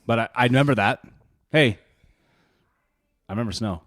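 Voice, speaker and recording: A man's voice: medium pitch, normal speed, fairly bright tone, no room sound, clean studio sound. A man co-hosting a casual podcast, joking and teasing while he talks, laughing often. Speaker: podcast co-host. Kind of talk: casual chat.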